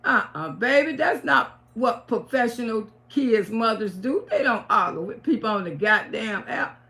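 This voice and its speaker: A woman's voice: on the high side, expressive, normal speed, pushed and bright. A middle-aged woman hosting a casual live stream, talking bluntly to her viewers with plenty of cursing and repeated phrases.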